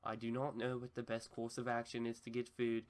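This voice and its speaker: A man voicing a male wilderness survival show host in a put-on Australian accent, with a stiff, formal, deadpan delivery in a comedy skit. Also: medium pitch, brisk, lightly acted. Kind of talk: comedy skit narration over gameplay.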